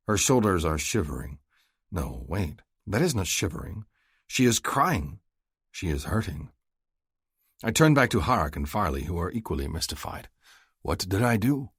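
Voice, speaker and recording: A man narrating a first-person romance audiobook in an earnest, expressive way. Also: sits low, slightly rough, dry recording, clean studio sound.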